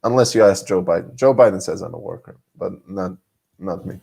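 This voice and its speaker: A man's voice: deep voice, a little fast, creaky, warm tone, breathy edge. A man from Serbia, chatting casually on a live stream, joking and laughing often between lines.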